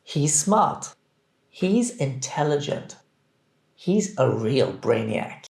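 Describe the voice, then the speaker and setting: A male English teacher works through a scripted drill, stretching every phrase out at a very slow, careful pace. His voice sits at an ordinary middle pitch. The room adds a noticeable echo around him. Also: very animated, gravelly, a little mellow. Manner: deliberate, carefully enunciated phrases for learners to repeat. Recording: roomy echo.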